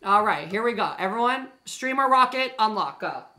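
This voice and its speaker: A man's voice: high-pitched, expressive, normal speed, bright, forceful tone. A young man streaming a game live, chatting casually and gushing at his dogs in baby talk. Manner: playful, lots of fillers.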